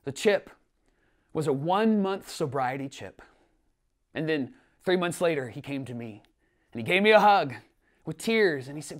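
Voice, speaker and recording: A man preaching a sermon as pastor, earnest, swinging between emphatic lines and hushed ones. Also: a little high, expressive, normal speed. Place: church online service.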